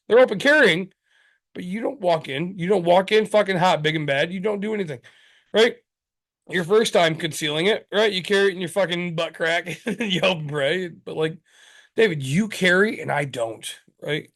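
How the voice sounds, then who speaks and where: A man co-hosting a podcast in casual chat, telling stories in a profane, animated way. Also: sits high, normal speed, dry recording. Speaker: podcast co-host.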